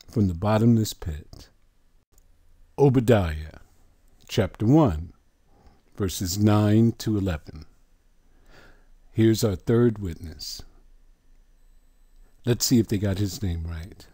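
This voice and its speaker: A male preacher giving a Bible teaching in a deliberate, emphatic sermon style, stretching out key words. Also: fairly low pitch, mellow, no room sound, clean studio sound.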